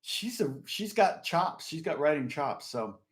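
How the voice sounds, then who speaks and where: A man's voice: fairly high pitch, very animated, unhurried. A middle-aged man, a session guitarist, chatting casually and rambling through stories with lots of fillers and restarts. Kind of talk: casual chat.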